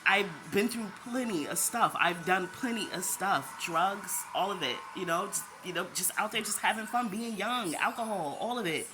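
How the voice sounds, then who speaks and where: A woman's voice: medium pitch, animated, normal speed, few pauses, noisy background. A woman giving an emotional personal testimony as a vlogger, tearful at times, who repeats herself and talks straight to her viewers. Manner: talks straight to viewers, addresses them as "y'all". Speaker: vlogger sharing a faith testimony. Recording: background music under the voice.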